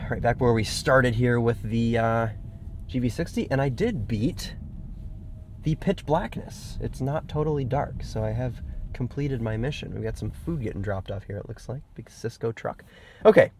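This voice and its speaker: A man's voice: mid-range voice, moderate pace, darkish tone, a little hiss or hum. A man with a sick voice, giving a casual, enthusiastic point-of-view car review from in and around a car. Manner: enthusiastic, chatty with frequent "like" fillers.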